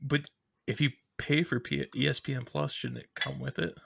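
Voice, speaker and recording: A man's voice: mid-range voice, level tone, moderate pace, gravelly, a bit bright, slightly rough. A young man co-hosting a casual podcast, rambling with fillers. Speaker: podcast co-host.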